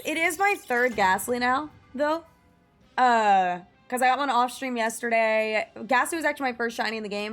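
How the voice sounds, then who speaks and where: A chatty young woman with a slightly high voice talks casually on a game stream. She tells stories with lots of giggles and greets viewers in chat. Faint game music plays quietly beneath her voice. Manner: chatty, giggly storyteller, reads chat aloud.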